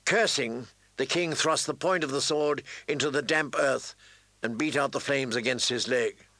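A man reading fantasy fiction aloud in measured, deliberate scripted narration. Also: medium pitch, pushed and bright, dry recording, poor audio. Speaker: audiobook narrator.

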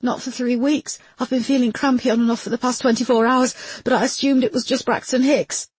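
A woman's voice: fairly high pitch, level tone, a little fast, slightly rough, no room sound, voice pushed up. Woman voicing a panting, panicked pregnant detective in labor. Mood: urgent. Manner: strained and breathless. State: in pain, panting.

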